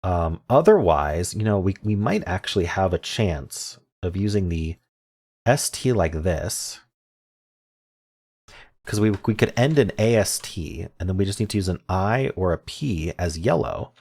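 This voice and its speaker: A man's voice: low-pitched, animated, unhurried, darkish tone. A man hosting a word puzzle video, thinking aloud in casual commentary with muttered half-sentences. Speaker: word game video host.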